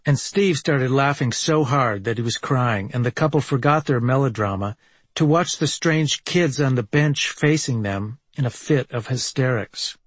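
Brief: a male memoir reader from Minneapolis, wry and deadpan, mid-pitched, dry close recording. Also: normal speed, no room sound. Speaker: memoir narrator. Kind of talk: reading a personal travel memoir.

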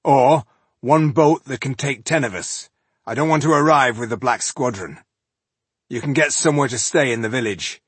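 A man voicing a calm male dwarf scholar who leads the group in a matter-of-fact, decisive way. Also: mid-range voice, normal speed, husky, no room sound, pitched above the performer's own voice, close to an everyday voice. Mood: dry.

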